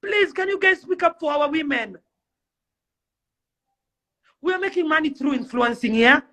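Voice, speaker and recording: A woman's voice: high voice, expressive, normal speed, sharp tone. A young Kenyan woman delivering an impassioned rant to camera, pleading and fiery, firing off rhetorical questions. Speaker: celebrity influencer.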